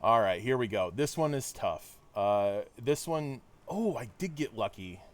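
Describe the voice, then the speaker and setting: A man's voice: medium pitch, lively intonation, unhurried. A man streaming a video game, chatting casually with viewers and poking fun at himself. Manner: chatty, self-deprecating, talks to chat. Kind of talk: casual live-stream chat while gaming.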